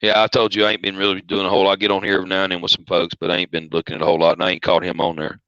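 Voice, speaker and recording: A man's voice: low voice, completely flat delivery, very fast, fairly bright tone, clean tone, no room sound. A man with a Southern US accent, a truck driver chatting casually on a livestream in a folksy, plain-spoken way. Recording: dull lo-fi audio.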